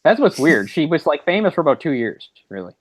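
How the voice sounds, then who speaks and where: A man's voice: on the high side, big pitch swings, quick pace, no echo, poor audio. A man co-hosting a podcast, casually retelling a story with mocking impressions. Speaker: podcast co-host. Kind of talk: casual chat.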